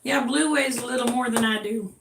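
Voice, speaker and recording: High-voiced older woman coaxing her dogs. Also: a little fast, creaky, noisy background. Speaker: vlogger showing her dogs. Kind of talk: casual home chat. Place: home room with dogs. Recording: roomy, distant from the mic.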